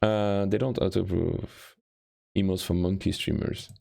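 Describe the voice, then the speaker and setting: A man chatting casually on a live stream while making a game, self-mocking and swinging between low mutters and excited squeals. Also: measured pace, creaky.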